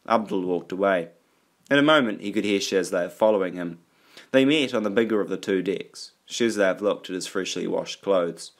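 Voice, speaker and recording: A man reading an audiobook aloud in a steady, even storytelling manner. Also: deep voice, normal speed. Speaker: audiobook narrator. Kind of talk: audiobook narration.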